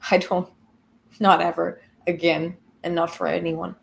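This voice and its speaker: A woman's voice: on the low side, level tone, slow pace, vocal fry. A woman who teaches spiritual healing, telling a personal story in a frank, emphatic way with casual swearing. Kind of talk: candid personal talk.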